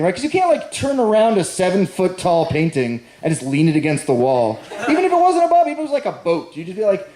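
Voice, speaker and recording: A man's voice: fairly high pitch, dark tone. A man doing a stand-up comedy set, telling a rambling self-deprecating story and bantering with the audience. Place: large echoey venue with live audience. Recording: roomy live stage recording.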